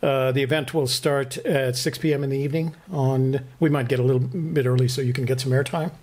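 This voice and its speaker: Give me a man with a husky voice co-hosting a casual vlog, explaining plans with a teasing edge. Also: mid-range voice, fairly even intonation, fairly quick, darkish tone. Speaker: vlog co-host. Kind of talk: casual chat.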